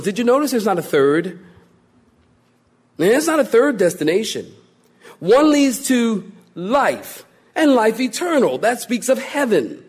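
A male pastor delivering a sermon, animated and joking, acting out quoted voices as he preaches. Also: sits high.

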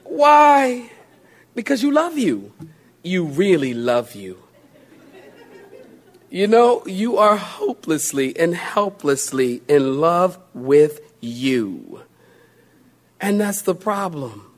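A man's voice: high-pitched, sing-song. A male pastor preaching a sermon, drawing out key phrases and mocking self-pity with playful put-on voices. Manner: drawn-out emphatic phrases.

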